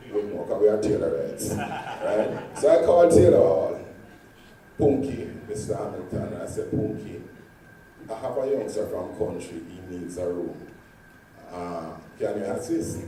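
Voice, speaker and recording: A man telling stories in a convention speech, swinging dramatically between loud and hushed. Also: fairly low pitch. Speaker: convention speaker. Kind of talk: storytelling speech. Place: large convention hall. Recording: echoey hall from far off, faint noise.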